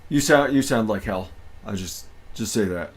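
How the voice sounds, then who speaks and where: A man's voice: lowish voice, animated, normal speed, husky. A man hosting a casual livestream, upbeat and greeting his viewers one by one. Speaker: livestream host.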